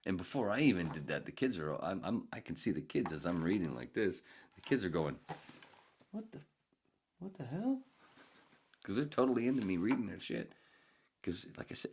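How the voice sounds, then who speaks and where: A man hosts his own podcast, spinning a loose, foul-mouthed anecdote. His voice sits very low with a rough, gravelly fry. Now and then he jumps into a squeaky voice to quote the kids. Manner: gravelly, swears often, jumps into squeaky voices when quoting. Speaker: podcast host. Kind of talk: casual profane storytelling.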